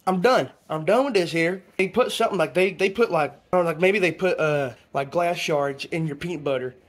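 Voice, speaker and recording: A man's voice: fairly high pitch, fairly quick, close to an everyday voice. An actor playing a rambling, conspiracy-minded man, talking in a preachy, stumbling comedy monologue. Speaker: comedy vlog character.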